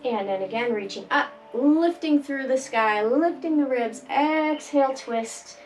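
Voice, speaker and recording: A woman leading a chair yoga class, giving calm, gentle step-by-step cues for breathing and stretching. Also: high voice, measured pace, slight background noise. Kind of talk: guided exercise instruction. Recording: voice from a distance, faint background music.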